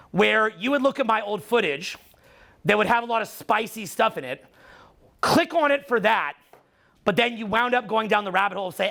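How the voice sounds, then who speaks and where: A man's voice: high voice, vocal fry, bright, forceful tone. A middle-aged Canadian man with a Canadian accent giving a live seminar talk, profane and teasing. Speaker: seminar speaker.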